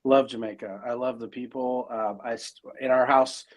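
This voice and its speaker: A man's voice: mid-range voice, steady tone, moderate pace. A middle-aged man as interview guest, talking casually and rambling with many fillers and restarts.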